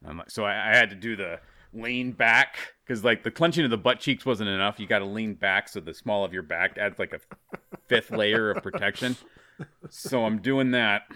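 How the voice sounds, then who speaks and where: A man's voice: on the low side, moderate pace, pushed and bright, no room sound, clean studio sound. A man co-hosting a casual chat, joking and laughing often while telling stories. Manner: jokey, laughs a lot, does silly voices. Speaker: podcast co-host.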